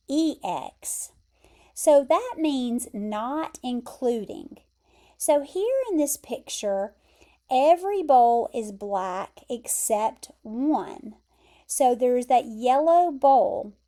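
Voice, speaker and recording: American woman, English teacher, very slow and deliberate delivery, mellow tone, slightly high voice, patient explainer. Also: very animated. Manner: slow, careful explaining with clear repeated pronunciations. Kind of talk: vocabulary lesson.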